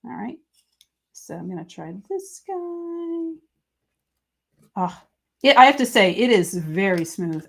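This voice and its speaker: A woman hosting a live papercrafting stream, chatting casually with viewers and reading their comments while she works. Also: mid-range voice. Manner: chatty, reads viewer comments aloud, excitable. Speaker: host of a live crafting stream.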